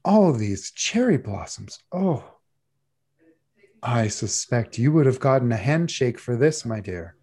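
A man's voice: mid-range voice, very animated, slow, mellow, husky, heavily acted. A man voicing an effusive older woman who judges a baking contest, swooning over each cake. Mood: gushing. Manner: effusive, sighing praise.

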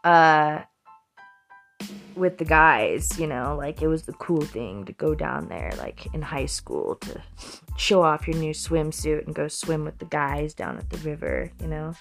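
A woman's voice: deep voice, expressive, a little slow, creaky, soft background music. A woman from Colorado casually telling anecdotes from her youth, swearing freely and breaking into laughter between lines. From Colorado, USA. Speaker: storyteller recalling her youth.

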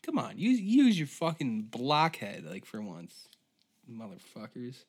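A man's voice: mid-range voice, huge pitch swings, measured pace, breathy edge. A man hosting a comedy podcast, ranting in an exasperated, profane monologue. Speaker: podcast host.

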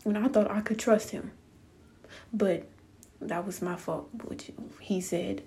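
A woman's voice: medium pitch, fairly even intonation, moderate pace, warm tone. A young woman telling viewers a story in a casual storytime rant, blunt, profane and exasperated. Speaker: vlogger.

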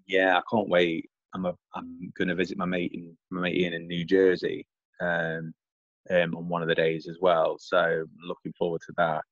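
A middle-aged man from England rambles in casual chat over a call, circling back, repeating himself, and using plenty of fillers. His very low voice is completely flat at normal speed, with a dry, close sound that's a little dull and muffled in a dry recording.

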